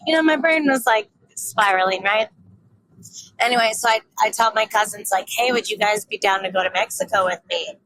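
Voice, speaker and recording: A woman's voice: mid-range voice, a little fast, a bit bright, slight background noise, poor audio. A woman in her thirties talking candidly and rambling in a casual personal vlog, swearing freely and poking fun at herself. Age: 30s. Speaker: vlogger.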